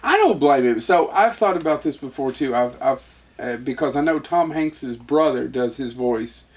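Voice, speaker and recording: A man's voice: mid-range voice, expressive, normal speed, slightly rough. A man co-hosting a casual podcast, rambling and self-deprecating. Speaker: podcast co-host. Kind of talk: casual chat.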